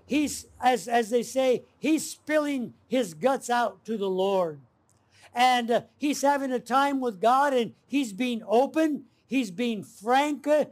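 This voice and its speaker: A man preaching an evening sermon, earnest and deliberate, with frequent "uh" fillers as he works through the text. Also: extremely high pitch. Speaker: pastor.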